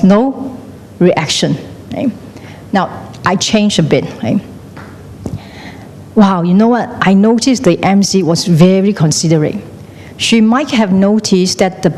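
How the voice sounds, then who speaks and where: A middle-aged woman with a lowish, mellow voice lectures a class, repeatedly putting questions to the students and moving between English and Chinese. The recording carries a long hall reverb and faint noise.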